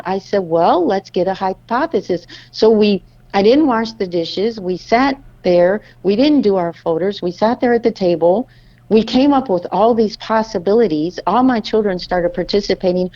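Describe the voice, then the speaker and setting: A woman with a warm, mellow voice tells a family story in relaxed podcast chat. She acts out the lines of her children and husband as she goes. The sound is a little dull and lo-fi. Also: mid-range voice, moderate pace. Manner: animated storyteller acting out family dialogue. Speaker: podcast co-host.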